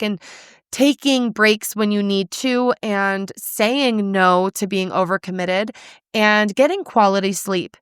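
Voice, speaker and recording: A woman's voice: mid-range voice, clear, resonant tone, dry recording, studio quality. A young woman hosting a solo coaching podcast, talking bluntly and with energy. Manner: blunt, animated, casual swearing. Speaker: podcast host, nutrition coach.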